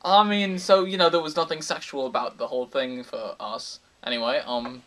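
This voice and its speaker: A man telling a rambling, absurd comic story in a deadpan way, breaking now and then into sudden high outbursts. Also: moderate pace, distant mic. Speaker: comedic storyteller. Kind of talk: absurd rambling comedy monologue.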